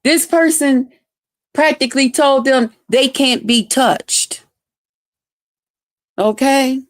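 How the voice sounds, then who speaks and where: A woman's voice: sits high, no room sound, clean studio sound. A woman hosting a livestream, telling a personal testimony in an emphatic, preachy way and speaking straight to her viewers. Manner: preachy, slow and emphatic, addresses viewers as y'all. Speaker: host.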